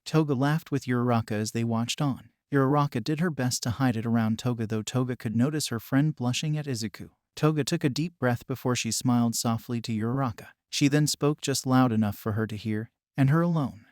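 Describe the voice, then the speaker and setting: Male narrator for a fan story, steady even reading, mid-pitched, dry close sound. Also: brisk, hardly any pauses, no room sound.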